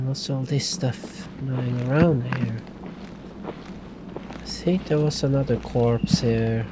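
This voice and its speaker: A man doing let's play commentary, excitable and laughing often, dropping from loud yelps to hushed talk. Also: medium pitch, background noise. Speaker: gaming YouTuber.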